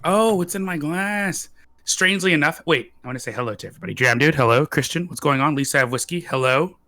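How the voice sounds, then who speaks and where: Man in his thirties, whiskey show host, bright forceful voice, teasing, quick bursts. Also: on the high side. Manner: joking, teasing, talks fast in bursts. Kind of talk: casual live-stream chat.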